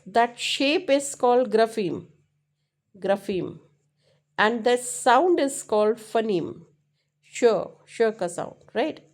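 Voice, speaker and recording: A woman's voice: on the high side, darkish tone. A woman teacher with an Indian English accent, explaining linguistics for an exam and checking in with "right?" as she repeats key phrases. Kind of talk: exam-prep lecture.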